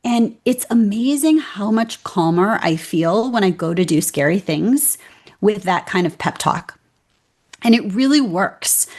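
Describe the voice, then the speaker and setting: Animated woman guest acting out inner voices. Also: medium pitch. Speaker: guest, keynote speaker. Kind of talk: conversational interview.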